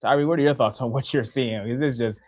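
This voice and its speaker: Speaking fast at a medium pitch, this young man delivers a relaxed live-stream weather report from the station studio. He's a TV meteorologist who chats and laughs a lot while handling the radar, and there's no room sound.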